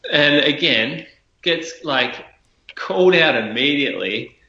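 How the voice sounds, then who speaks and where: A man co-hosts a casual podcast, his voice bright and forward. He tells his stories with animated, mocking impressions. The recording is roomy and a little dull. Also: fairly high pitch, slow pace, creaky. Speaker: podcast co-host.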